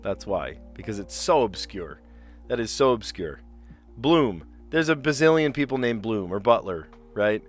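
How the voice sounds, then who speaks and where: A man's voice: on the low side, big pitch swings, unhurried, faint music behind. A man from South Jersey hosting a livestream, chatting casually and thinking aloud as he works through word puzzles, often second-guessing himself.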